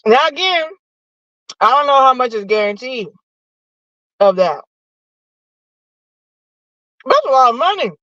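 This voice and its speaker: A woman hosting a casual, profane sports chat from her parked car while eating lunch, animated and nosy. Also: high-pitched, a little slow, long pauses, no room sound, highs cut off. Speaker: sports podcast host. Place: parked car in a parking lot.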